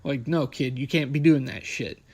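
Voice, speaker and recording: A man's voice: mid-range voice, moderate pace, darkish tone, breathy edge. A young man hosting a podcast, recapping wrestling in a blunt, sarcastic, profane way. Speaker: podcast host.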